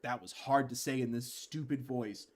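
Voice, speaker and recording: A man's voice: mid-range voice, steady tone, moderate pace, a little mellow. Joking man streaming a video game. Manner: joking, rambling asides. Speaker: gaming streamer. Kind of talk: live gameplay commentary.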